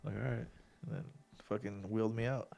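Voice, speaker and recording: A man's voice: lowish voice, steady tone, quick pace, creaky, darkish tone. A man chatting casually on a podcast, swearing freely and laughing as he tells a story, with a congested nose after surgery. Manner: profane, storytelling, laughs often. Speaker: podcast co-host. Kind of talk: casual chat.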